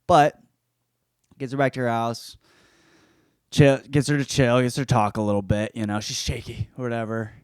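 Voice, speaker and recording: A man's voice: medium pitch, little pitch movement, normal speed, pauses often, clear, resonant tone, no echo. Male host, loose profane comic book-review delivery, dry close sound. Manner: profane, rambling.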